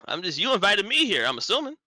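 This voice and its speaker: A man voicing a brash, loud, blustery man in a tabletop game. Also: high voice, huge pitch swings, fast talker, no echo, studio quality, pitched above the performer's own voice, heavily acted. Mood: defensive. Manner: blustery, defensive, casual.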